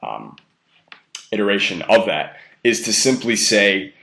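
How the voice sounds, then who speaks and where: Blunt, profane man with low voice. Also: big pitch swings, unhurried, gravelly, pushed and bright, reverberant. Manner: blunt, profane and self-amused; stresses key words heavily. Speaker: dating advice coach. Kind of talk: casual instructional monologue.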